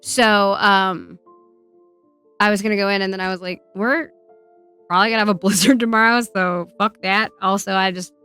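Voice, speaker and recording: A woman's voice: mid-range voice, fairly even intonation, moderate pace, a bit bright, clear, resonant tone, soft background music. A young woman streamer rambling in casual chat, swearing often and laughing as she talks. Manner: laughs a lot while talking. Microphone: wearing earbuds.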